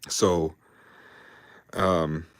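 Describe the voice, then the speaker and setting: A man who served in the army tells war stories on his livestream over a beer, rambling, profane, and heavy on fillers. He speaks very slowly in a low voice with flat delivery, and the recording is dry.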